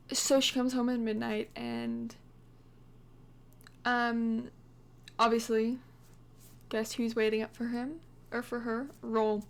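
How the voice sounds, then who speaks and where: A young woman casually narrating her life-simulation game story, chatty and excitable with many fillers and little gasps. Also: fairly high pitch. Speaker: Sims gameplay vlogger.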